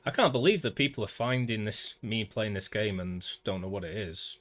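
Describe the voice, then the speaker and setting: A man's voice: lowish voice, normal speed, fairly bright tone, soft background music. A man with a Manchester accent chatting casually with viewers while streaming a game, calling them mate. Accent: Northern English, Manchester. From Manchester, England. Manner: chatty, talks to chat, says "mate" often. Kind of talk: casual gameplay livestream chat.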